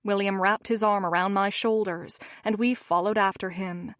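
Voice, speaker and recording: A woman narrating a romance novel in first person, measured and steady. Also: medium pitch, no room sound, studio quality. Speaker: audiobook narrator.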